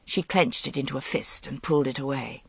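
Steady audiobook narrator, dry sound. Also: mid-range voice, brisk, gravelly, breathy edge, dry recording. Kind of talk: scripted narration.

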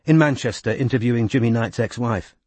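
A man voicing a polite, hesitant young woman working undercover, speaking quietly. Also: medium pitch, brisk, no echo, natural voice. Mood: nervous.

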